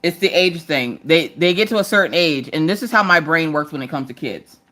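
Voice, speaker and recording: A woman's voice: sits low, lively intonation, brisk, pushed and bright. A woman in her thirties hosting a casual live stream, telling stories while she crafts and acting out quotes in different voices. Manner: chatty storytelling, acts out quotes in character voices; talks while working on a craft project.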